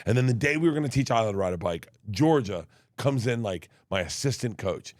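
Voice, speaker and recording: A comedian talking as a guest in a casual chat, telling stories in a rambling way with many restarts. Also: male voice, mid-range voice, lively intonation, brisk, darkish tone, no echo, studio quality. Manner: rambling storyteller, restarts often.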